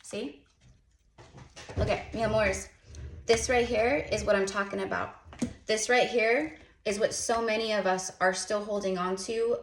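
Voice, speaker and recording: A tarot reader and psychic medium gives her viewers a spiritual reading, earnest, chatty and encouraging, repeating her points. Her mid-range voice is off-mic in an echoey room, with a little hiss or hum.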